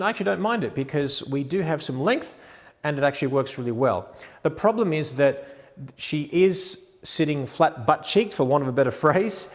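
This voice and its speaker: A man teaching wedding photography posing, talking through each adjustment while gently directing a model. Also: mid-range voice, in a large hall.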